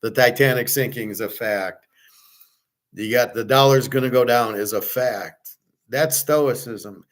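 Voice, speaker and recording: A middle-aged man talks in a loose, rambling way at a middle pitch. He is blunt and repeats himself, doubling words as he goes and swearing now and then. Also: unhurried. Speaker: host. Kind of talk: casual chat to viewers.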